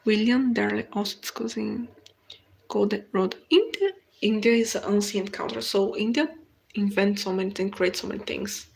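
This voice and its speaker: Creaky-voiced Brazilian woman chatting live. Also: mid-range voice. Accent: Brazilian Portuguese. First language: Portuguese. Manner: unhurried, halting non-native English with frequent restarts. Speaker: live stream host. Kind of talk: casual live chat, reading viewer comments aloud.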